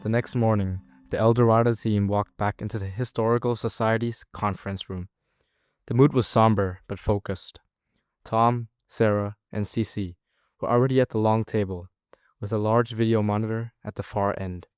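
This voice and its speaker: A man narrating a story in a steady, plain way. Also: lowish voice, normal speed, clean tone, dry recording, studio quality. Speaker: student narrator. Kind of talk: amateur story reading.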